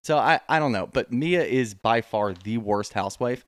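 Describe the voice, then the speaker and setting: Male co-host, mid pitch, blunt opinionated rants, dry close mic. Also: expressive, normal speed, dry recording. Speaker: podcast co-host. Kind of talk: casual reality TV recap chat.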